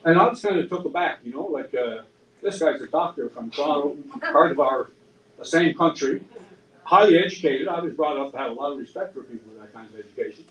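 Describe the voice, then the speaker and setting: A man's voice: a little high, expressive, fast, fairly bright tone, lo-fi sound. A man with a Newfoundland accent telling a rambling, self-mocking story at a pub event, full of restarts and dry humor. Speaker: singer-songwriter and storyteller. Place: pub room. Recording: echoey room, distant mic, faint noise.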